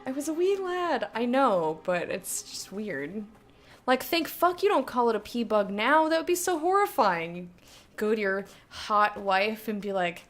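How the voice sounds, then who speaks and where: Lively, blunt young woman streaming a game. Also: a little high, unhurried. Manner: blunt, swearing, laughs often, reads chat aloud. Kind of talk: casual live-stream chat while gaming.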